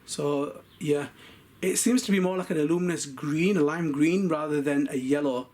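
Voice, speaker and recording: A man chatting casually through an unboxing vlog of toy cars, talking quickly and often calling viewers "guys". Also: a little high, a little mellow. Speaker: RC car collector vlogger.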